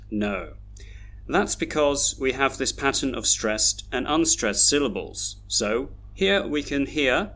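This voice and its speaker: Slow, careful teacher. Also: male voice, medium pitch, animated, fairly bright tone. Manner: slow, careful modelling of words, each said twice. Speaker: English pronunciation teacher. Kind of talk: scripted video lesson.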